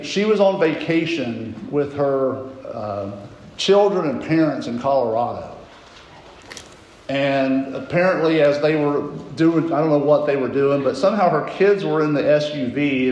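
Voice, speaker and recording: A man's voice: medium pitch, darkish tone, lo-fi sound. Man preaching in a very echoey room. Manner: rambling, self-correcting storyteller. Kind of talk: sermon storytelling.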